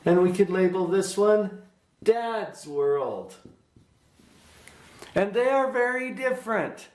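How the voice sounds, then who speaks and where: A man's voice: sits high, sing-song, slow, darkish tone. Earnest man lecturing in an echoey room. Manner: earnest, teacherly, checks in with the audience. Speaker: workshop presenter, psychologist. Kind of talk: parenting workshop lecture.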